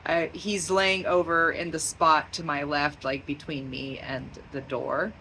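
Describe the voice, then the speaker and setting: A woman's voice: deep voice, little pitch movement, a little slow, sharp tone, a little hiss or hum, low-quality recording. A woman talking in a rambling, stream-of-consciousness vlog, drifting into tangents and laughing often. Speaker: vlogger.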